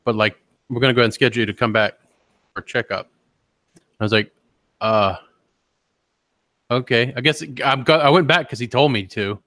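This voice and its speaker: Bright-voiced man telling rambling stories. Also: medium pitch, a little fast, long pauses, no room sound, studio quality. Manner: rambling, profane storytelling. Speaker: podcast co-host. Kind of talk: casual chat.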